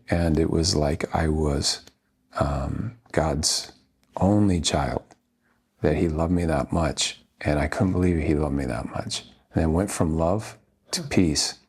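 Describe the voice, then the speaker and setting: A deep, breathy-voiced man in his fifties, from Washington State, talks through memories as an interview guest. He speaks earnestly and haltingly, stopping often to gather his thoughts, his low voice carrying a grainy, husky edge. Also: a little mellow. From Washington State, USA. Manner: halting, earnest, with many pauses. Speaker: actor guest. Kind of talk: reflective interview storytelling.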